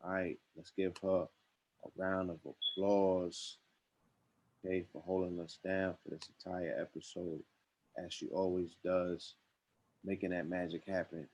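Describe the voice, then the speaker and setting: A man's voice: sits low, little pitch movement, measured pace, a little mellow, a little hiss or hum, low-quality recording. A man hosting a live-streamed talk show, promoting events in a laid-back, slang-filled way. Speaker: podcast host. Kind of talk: casual live-stream chat.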